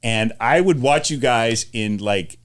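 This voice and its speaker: A middle-aged man hosting a casual family podcast, telling stories with repeated phrases and quick laughs. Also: mid-range voice. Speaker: podcast host, father.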